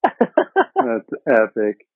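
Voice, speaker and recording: A man hosting a podcast, relaxed and slangy, laughing along with his guest. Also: high-pitched, very slow, creaky, husky, dry recording. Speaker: podcast host. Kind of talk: casual chat. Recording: phone-like dry sound.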